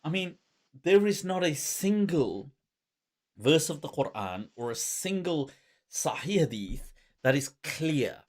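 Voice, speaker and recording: Lively man hosting, quick laughs. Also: a little high. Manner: animated, laughs often, scholarly asides in Arabic terms. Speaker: host. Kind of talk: casual podcast conversation.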